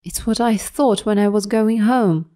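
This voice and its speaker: A tearful, slightly drunk working father speaking plainly, read by a woman narrator. The tone stays mellow and warm. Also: mid-range voice, a little slow, lightly acted. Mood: emotional. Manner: emotional, plain-spoken.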